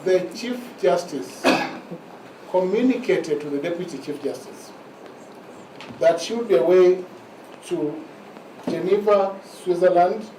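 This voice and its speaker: Lawyer guy addressing the judges, formal and deliberate, slightly high voice, far off in an echoey noisy courtroom. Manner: formal, measured, repeats "my lords" and slows to stress points. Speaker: advocate arguing in court. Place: large courtroom. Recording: echoey courtroom heard from a distance with noise.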